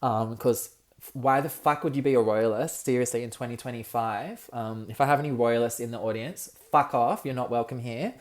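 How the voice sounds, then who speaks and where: A young Australian man hosting a solo comedic podcast, campy and expressive, ranting and swearing freely. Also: mid-range voice, brisk. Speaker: podcast host.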